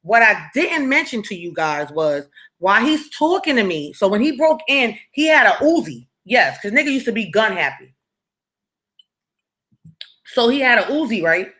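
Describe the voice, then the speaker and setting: A young woman recounting her past with a bright, forceful voice. She tells it dramatically and keeps checking in with the viewer as she goes. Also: fairly high pitch, big pitch swings, normal speed. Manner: dramatic and conversational, with frequent tag questions to the viewer. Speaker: storytime vlogger. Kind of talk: casual storytelling.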